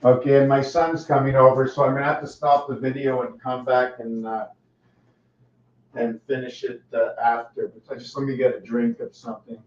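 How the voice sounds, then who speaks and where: A man vlogging from home, talking in a meandering monologue full of pauses and restarts. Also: medium pitch, little pitch movement, a little hiss or hum. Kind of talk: rambling monologue to camera. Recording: dull lo-fi recording.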